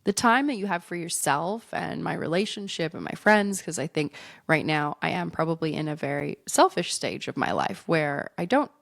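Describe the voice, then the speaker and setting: A woman hosts her podcast alone with a husky, congested voice. Her tone sits low and gravelly with some fry. She talks in a loose, rambling, self-mocking way, and the recording is dry and close. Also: normal speed, no echo. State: congested with a head cold. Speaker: podcast host. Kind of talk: casual solo podcast chat.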